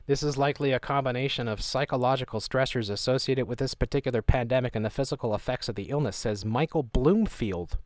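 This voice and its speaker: Sarcastic male streamer, mid pitch, dry close sound, mocking the news. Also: fast, hardly any pauses, darkish tone, no echo. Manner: sarcastic, mocking, chuckling asides. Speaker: live-stream host. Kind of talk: live commentary on news clips.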